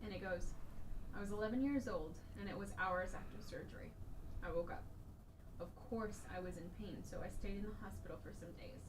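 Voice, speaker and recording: A woman's voice: mid-range voice, brisk, recorded from a distance. A woman co-hosting a podcast, chatting casually and reading a story aloud. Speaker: podcast co-host. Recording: echoey room, faint noise.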